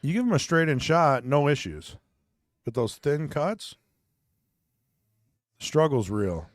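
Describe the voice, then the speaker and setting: A man commentating a pool match in a relaxed, chatty way. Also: fairly high pitch, slow, no room sound, studio quality. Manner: easygoing, chatty. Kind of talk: live sports commentary.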